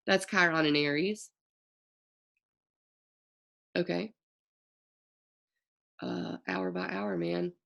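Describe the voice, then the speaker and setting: Gravelly-voiced chatty woman astrologer. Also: on the low side, drawn-out words, long pauses, fairly bright tone. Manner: loose, chatty, self-correcting with slang. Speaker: astrologer host. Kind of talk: casual astrology forecast.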